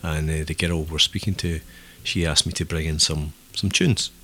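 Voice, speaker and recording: A man's voice: a bass voice, fairly even intonation, normal speed, bright, forceful tone. A man co-hosting a podcast, telling rambling stories with dry teasing in casual banter. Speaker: podcast co-host.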